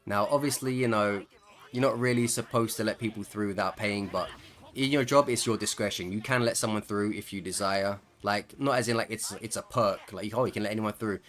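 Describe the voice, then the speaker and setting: A gaming video creator with a low, fairly quick, slightly bright voice tells a casual anecdote over gameplay. He chuckles along, packing the story with fillers and asides.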